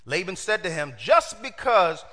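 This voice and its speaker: A middle-aged man preaching a lively storytelling sermon, acting out voices and talking to the congregation. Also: sits high, a little slow. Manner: lively, acts out quoted voices, talks to the congregation. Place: church hall. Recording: long hall reverb.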